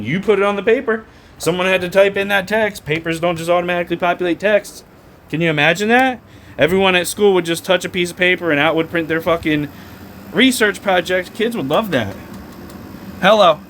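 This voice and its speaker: A man's voice: high-pitched, fairly bright tone, a little hiss or hum. A man in a casual vlog rant, sarcastic, repeating a mocking "hello" to make his points. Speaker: vlogger.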